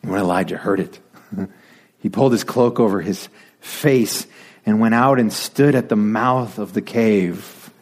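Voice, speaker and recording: A male pastor preaching a sermon in a playful, animated way, dropping to whispered asides as he acts out the story. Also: lowish voice, a little slow, husky.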